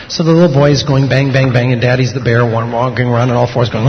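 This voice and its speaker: A man preaching a sermon to a congregation, moving between slow hushed passages and loud, excited storytelling. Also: medium pitch, highs cut off, noisy background. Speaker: pastor. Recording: long hall reverb, faint ambience.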